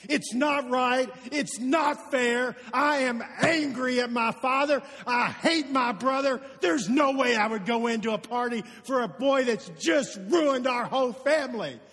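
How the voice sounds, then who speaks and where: A man acting out a resentful, hardworking older brother, speaking indignantly and forcefully in a reverberant hall. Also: very high voice, a little slow, few pauses, voice pushed up, heavily acted. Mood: angry, resentful.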